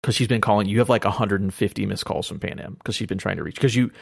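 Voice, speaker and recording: A man's voice: fairly low pitch, fast, creaky, breathy edge, dry recording, studio quality. A man chatting casually on a podcast, rambling through a game's story and quoting its characters along the way. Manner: rambling retelling of a game plot, quoting characters. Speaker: podcast guest.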